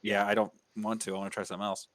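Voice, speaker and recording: A man's voice: on the low side, flat delivery, racing, a bit bright, no echo. A man chatting as a player before a tabletop game, rambling with many fillers. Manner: rambling, hesitant, lots of fillers.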